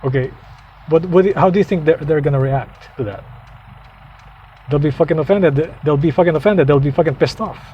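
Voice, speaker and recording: A man's voice: fairly high pitch, fairly quick, breathy edge, highs cut off. A man vlogging an angry, profane rant to his viewers, heated and repetitive. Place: outdoors, heading out to drive. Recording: noisy outdoor traffic.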